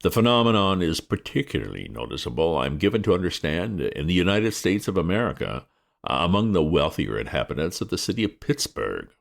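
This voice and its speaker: A man voicing a formal, deferential male valet who speaks in a measured way. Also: low voice, sing-song, gravelly, heavily acted.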